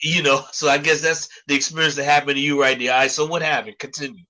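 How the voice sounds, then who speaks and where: A man's voice: on the high side, level tone, fast, bright, forceful tone, low-quality recording. A man hosting an interview, mostly giving short encouraging replies and now and then telling a story of his own. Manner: encouraging listener, lots of short backchannels. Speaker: interview host. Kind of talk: casual interview.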